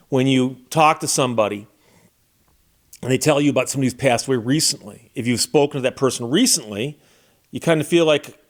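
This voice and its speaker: A middle-aged American man, a lawyer and YouTube host, speaking in a somber, reflective casual monologue with frequent restarts. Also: mid-range voice. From United States.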